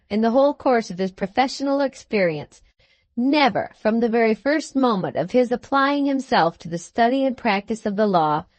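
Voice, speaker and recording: A woman narrating a classic novel for an audiobook with measured, even storytelling. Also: medium pitch, dry recording. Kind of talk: scripted narration.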